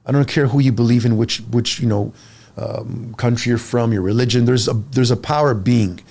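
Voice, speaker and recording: Forties guy coach, pumped up, repeats himself, fast bursts. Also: medium pitch. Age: 40s. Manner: animated, emphatic, fast bursts with repetitions. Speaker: fitness coach. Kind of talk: casual podcast chat.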